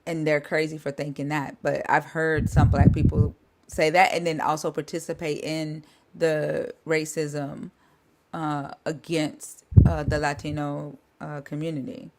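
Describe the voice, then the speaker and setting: Low-voiced, blunt woman hosting a live stream. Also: little pitch movement, unhurried. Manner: blunt, profane and emphatic. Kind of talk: casual chat.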